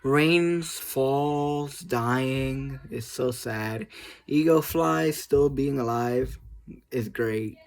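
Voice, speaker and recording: A man's voice: mid-range voice, very slow. A man making a video, chatting casually and rambling, laughing often and joking at his own expense. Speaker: video creator. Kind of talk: casual chat about a video game.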